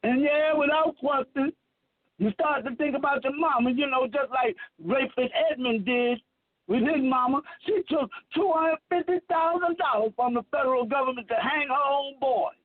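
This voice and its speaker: A man's voice: very high-pitched, normal speed, no room sound. A man in his fifties delivering a rambling, profane, preachy monologue as a self-proclaimed messiah. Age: 50s. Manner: preachy, emphatic, heavy swearing. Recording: tinny phone line, dry.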